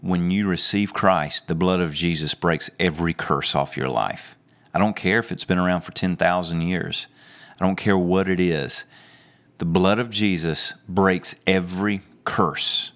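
A male preacher giving a sermon, retelling a story with lively, amused storytelling. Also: deep voice. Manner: animated storytelling with chuckles.

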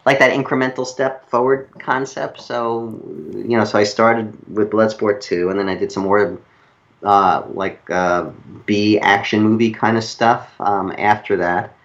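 A middle-aged man with a New York accent talks in a low voice, looping through his stories with halting restarts and self-corrections. The audio sounds dull and lo-fi. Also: fairly even intonation, fairly bright tone. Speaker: guest screenwriter. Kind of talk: casual interview storytelling.

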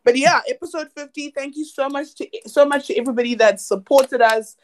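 A woman's voice: high-pitched, fairly quick. A woman from South Africa co-hosting a podcast in a casual, chatty way, laughing and dropping slang. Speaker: podcast co-host. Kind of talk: casual chat.

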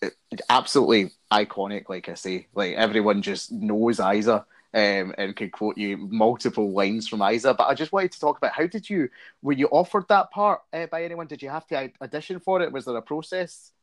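A man's voice: medium pitch, fairly quick. A man interviewing a guest in a casual chat, encouraging her with frequent short affirmations.

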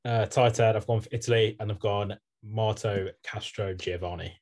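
A young man with a fairly low voice co-hosting a laid-back podcast. He keeps it dry and brisk, moving the chat along. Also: fairly even intonation, darkish tone. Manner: dry, brisk, moves things on. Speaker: podcast co-host. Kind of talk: casual chat.

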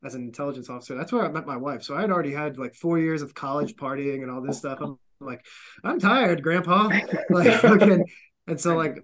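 A man in his thirties from the United States hosts a casual podcast. His voice sits a little high, and he talks in a profane, animated way, acting out the people in his stories. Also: fast talker. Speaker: podcast host, former intelligence officer.

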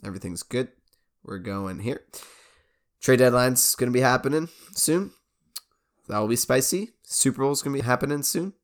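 A man's voice: mid-range voice, moderate pace, pauses often. A man co-hosting a podcast in casual chat, laughing often and hyping up what comes next. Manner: laughs often, hypes up segments. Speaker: podcast co-host.

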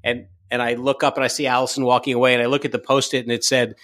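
Storytelling man, animated. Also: medium pitch, very fast. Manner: animated anecdote-telling, acts out quoted lines; frequent fillers and self-restarts. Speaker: TV director. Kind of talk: casual interview storytelling.

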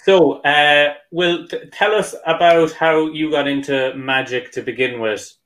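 A man's voice: on the high side, fairly even intonation, measured pace, a bit bright, low-quality recording. A man hosting a podcast in easygoing casual chat, laughing easily. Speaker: podcast host.

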